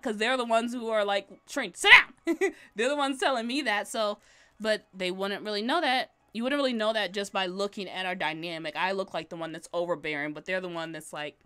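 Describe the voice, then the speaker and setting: A woman's voice: medium pitch, normal speed, a bit bright, clear, resonant tone. A woman livestreaming while she draws, chatting casually and rambling, laughing often. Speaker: livestreaming artist. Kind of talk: casual chat while drawing.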